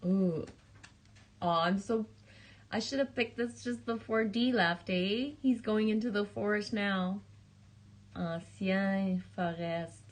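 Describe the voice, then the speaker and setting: A woman live streamer chatting casually, laughing often as she greets viewers and pulls oracle cards. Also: mid-range voice.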